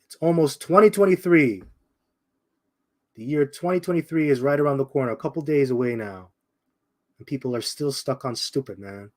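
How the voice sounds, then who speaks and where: A man teaching from scripture in a loose, streetwise way, calling out his listeners directly. His voice sits at an ordinary middle pitch for a man. He circles back to the same points and slows right down on the ones he wants to stick. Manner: repeats points, slows down for emphasis. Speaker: bible teacher. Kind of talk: informal scripture commentary.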